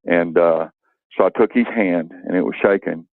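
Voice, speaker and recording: Older male guest on a tinny phone line, deep-voiced, halting, emotional storyteller. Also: no echo. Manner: emotional, halting, with many fillers. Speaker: radio interview guest. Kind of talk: storytelling and poem reading over the phone. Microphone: telephone.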